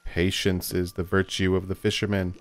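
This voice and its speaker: A man hosting a let's play, giving gameplay commentary, excitable, talking to the game and swearing casually. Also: deep voice, normal speed.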